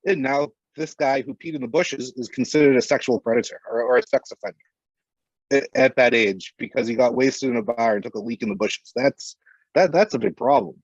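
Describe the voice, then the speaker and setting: A man's voice: mid-range voice, expressive, a little fast, gravelly, no echo. A man with a mid-range voice speaks bluntly in a casual podcast chat and does not hold back on swearing. His sound is dry and a bit dull, as if from a modest mic.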